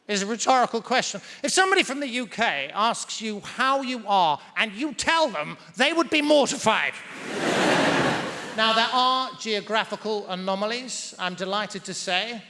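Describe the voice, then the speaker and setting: A man's voice: high voice, expressive, moderate pace, sharp tone, a little hiss or hum. A man doing stand-up comedy on a big theatre stage in a dry, wordy, mock-pompous manner. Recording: large reverberant theatre hall.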